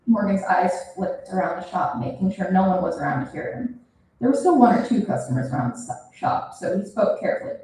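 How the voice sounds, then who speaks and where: A young woman reading her own fiction aloud at a reading event, expressive and animated. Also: mid-range voice, brisk. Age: young adult. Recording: roomy, from a distance.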